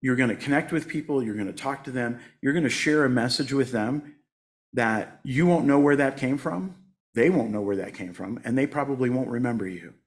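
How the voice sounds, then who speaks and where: A man's voice: medium pitch, brisk. A man in his sixties giving a conversational sermon as a guest speaker at a church, joking at his own expense and laughing often. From United States. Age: 60s. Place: church sanctuary.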